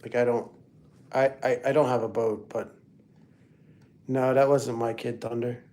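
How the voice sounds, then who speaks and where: A man's voice: medium pitch, fairly even intonation, measured pace, mellow. A middle-aged man hosting a casual livestream, rambling through family photos and chatting to viewers by name. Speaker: livestream host.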